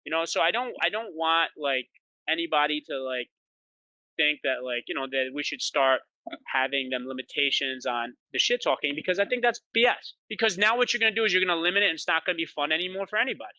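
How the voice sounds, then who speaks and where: A man, a pro paintball player, chatting as a guest in an interview, telling boastful stories quickly and excitedly, with lots of "like". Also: fairly high pitch, dry recording, low-quality recording. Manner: rapid, excited storytelling with many "like"s; boastful, trash-talking attitude. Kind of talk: animated interview chat.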